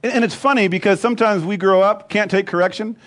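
Male pastor, high voice, emphatic repetitive sermon delivery. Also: quick pace, fairly bright tone. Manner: emphatic, repetitive preaching with rhythmic lists.

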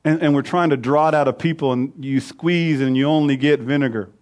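A middle-aged male pastor preaching a sermon, rising loud on scripture and dropping low and soft. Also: fairly quick.

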